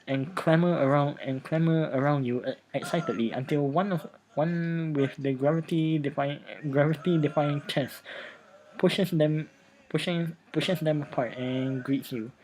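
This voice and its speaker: A man's voice: a little high, unhurried, darkish tone, low-quality recording. A man hosting a let's play, reading a text game aloud and often stumbling and repeating words.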